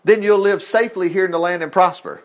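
A man preaching a folksy sermon, reading scripture aloud and breaking off into lively asides and laughter. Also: high-pitched, fast. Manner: folksy, animated, reads scripture then riffs with asides and laughs.

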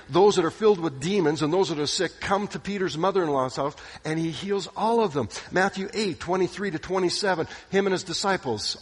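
A man preaching a sermon, retelling stories with dramatic delivery, sometimes dropping to a hushed voice. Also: fairly high pitch, slightly rough. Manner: dramatic storytelling, acting out quoted voices, drops to hushed tones. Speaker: pastor. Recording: long hall reverb.

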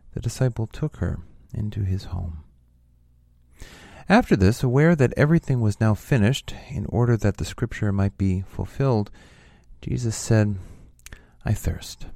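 Low-voiced man reading scripture. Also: vocal fry, dry recording, studio quality. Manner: measured, steady reading. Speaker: scripture reader. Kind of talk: reading a Gospel passage aloud.

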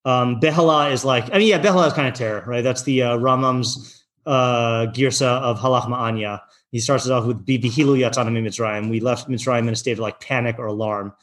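Man, teacher, online class, casual and rambling, reads slowly then talks on. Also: medium pitch, steady tone, a bit bright. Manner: loose and chatty, many fillers and restarts, reads passages slowly. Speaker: teacher leading a text study class.

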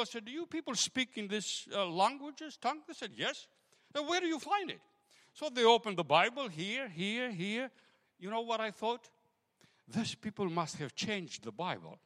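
A man whose first language is Greek, preaching a testimony sermon and telling his story with emotion, swinging from loud exclamations to hushed asides. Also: high voice, big-room sound. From Greece. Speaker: guest preacher.

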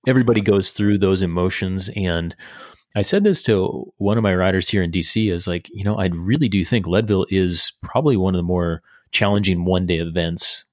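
Deep-voiced teasing male podcast host. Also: fairly quick, darkish tone, no echo, studio quality. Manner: teasing, chatty interjections. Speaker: podcast host, cycling coach. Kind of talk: casual chat.

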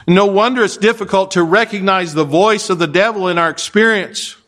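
A man's voice: high-pitched, a little fast, a bit bright. A male pastor preaching an expository sermon in a conversational way, often asking his listeners rhetorical questions.

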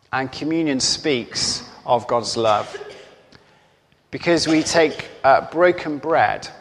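A man preaching a sermon, telling a story slowly and earnestly, sometimes dropping to near-whispers. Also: medium pitch, slight background noise. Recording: long hall reverb.

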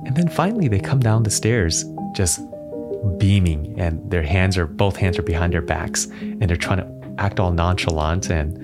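A man in his thirties co-hosting a podcast, telling a family anecdote in a relaxed chatty way, chuckling and putting on playful voices for his children. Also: deep voice, moderate pace, loud music behind the voice. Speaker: podcast co-host. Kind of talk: casual podcast storytelling.

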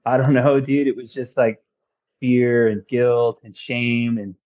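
A man who works as a tattoo artist, a guest on a podcast, telling his story in a casual, halting way with many fillers and restarts. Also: medium pitch, fairly even intonation, phone-quality sound. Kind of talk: casual conversational testimony.

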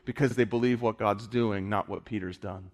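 A man's voice: on the low side, fairly even intonation, normal speed. A man preaching an impassioned sermon, pressing his points with repeated phrases.

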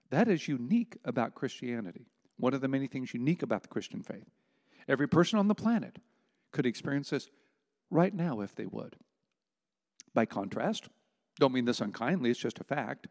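A man's voice: on the high side, a little mellow, big-room sound. A man preaching a sermon, emphatic and conversational, with rhetorical asides to his listeners.

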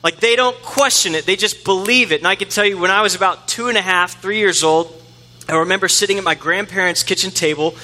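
In a church sanctuary with long hall reverb, a middle-aged pastor with a high, brisk, sharp voice delivers a conversational sermon. He pokes fun at himself and acts out the voices of the people he quotes.

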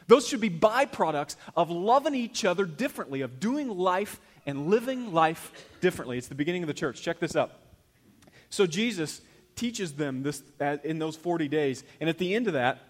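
Preaching with a homespun, talk-to-you manner, this middle-aged pastor ranges from near whispers to loud passages. His voice runs slightly high.

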